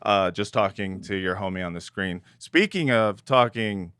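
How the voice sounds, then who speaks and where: A man's voice: on the low side, moderate pace, smooth, no room sound. A man co-hosting a comedy podcast, bantering in a sarcastic, joking way. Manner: jokey, sarcastic, lively delivery.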